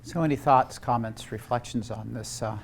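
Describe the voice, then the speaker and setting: A man facilitating a group discussion, calm and measured as he invites comments. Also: medium pitch, gravelly, slight background noise.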